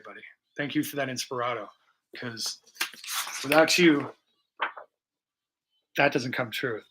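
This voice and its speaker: A man chatting loosely with viewers at the end of a live stream. He rambles, swears freely and drifts between ideas. His voice sits a little high and rings bright. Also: poor audio. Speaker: livestream host. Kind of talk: casual live-stream chat.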